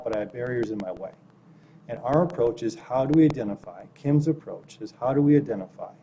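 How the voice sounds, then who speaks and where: A man from city human services talks through stories at a meeting with a mellow, relaxed tone. He is self-deprecating and keeps checking in with "right?". His pitch sits in an ordinary middle range. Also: slight background noise. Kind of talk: anecdotal meeting remarks.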